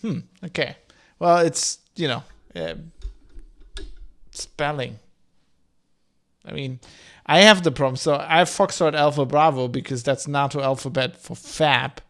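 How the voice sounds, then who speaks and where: Chatty German-accented man, slightly raspy. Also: on the high side, unhurried, a bit bright. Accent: German-tinged mixed English. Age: 30s. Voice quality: slight rasp. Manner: rambling, chatty, reads chat aloud. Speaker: streamer. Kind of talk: casual game commentary.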